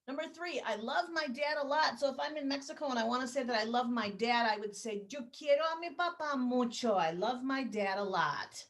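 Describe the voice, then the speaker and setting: Speaking in a high, expressive voice, a woman teaches Spanish grammar with patience. She slowly pronounces sample phrases for her students to echo back.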